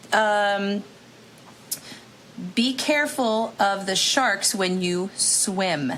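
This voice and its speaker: A woman's voice: medium pitch, very slow, pauses often, a bit bright, slight background noise. A woman co-hosting a podcast in casual chat, playful and laughing often. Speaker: podcast co-host.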